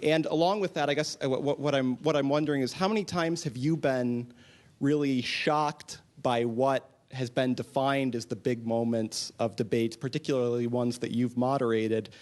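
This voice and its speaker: A man's voice: medium pitch, fairly even intonation, moderate pace, darkish tone. A man in the audience asking a long question, hesitant and searching for words.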